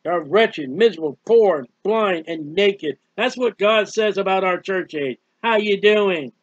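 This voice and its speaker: Man preaching hard, high voice, mocking, kinda dull lo-fi sound. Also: unhurried, no echo. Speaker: street preacher. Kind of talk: fiery sermon. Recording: dull, dry lo-fi recording.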